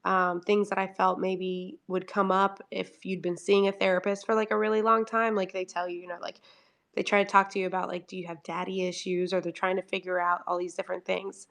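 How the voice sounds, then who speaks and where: A woman's voice: fairly low pitch, flat delivery, fairly quick, vocal fry, a bit bright. A talkative woman livestreaming from home, chatting casually and acting out her own conversations. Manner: chatty, over-explaining, quoting herself in dialogue. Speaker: livestream host.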